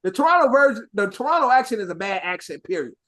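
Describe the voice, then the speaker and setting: A man's voice: sits high, fast. Slangy rambling man on a podcast. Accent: Chicago with New York slang. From Chicago. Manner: animated, swearing, rambling with slang. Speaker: podcast co-host. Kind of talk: casual chat.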